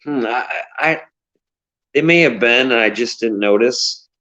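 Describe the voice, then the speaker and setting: A man's voice: mid-range voice, measured pace, pushed and bright. A man over thirty chatting casually on a live stream, hesitant, often stammering and restarting. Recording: dull, lo-fi sound.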